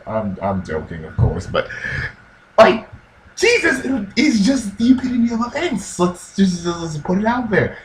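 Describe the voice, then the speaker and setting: A man talks in a loose, slangy way about faith, and his pitch swings widely as he acts out quotes. The room is echoey, with faint ambient noise behind him. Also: big pitch swings, normal speed, fairly bright tone. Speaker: vlogger. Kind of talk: casual religious commentary.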